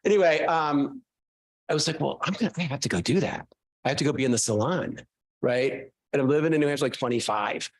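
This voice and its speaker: A man, a guest author, telling animated, self-mocking stories casually to a class. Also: medium pitch, quick pace.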